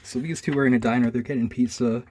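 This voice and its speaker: A man's voice: mid-range voice, fairly even intonation, fast, a little mellow, a little hiss or hum. A young man casually reviewing a comic, rambling in a laid-back way with lots of "like" and "man".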